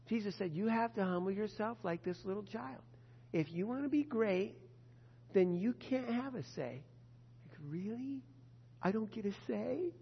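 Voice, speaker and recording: An older pastor giving a sermon with a husky voice, telling stories in an animated way and acting out the voices of the people quoted. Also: medium pitch. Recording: dull echoey hall sound.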